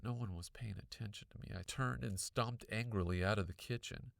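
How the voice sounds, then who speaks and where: Casting: male audiobook narrator, lively storybook reading, gravelly low voice, bright tone. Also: brisk, no echo, clean studio sound. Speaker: audiobook reader.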